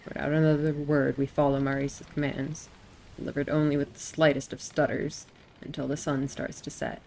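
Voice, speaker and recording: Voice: mid-range voice, flat delivery, moderate pace, vocal fry, darkish tone, slight background noise, low-quality recording. A streamer reading a visual novel aloud and voicing its characters, stumbling over words and odd names.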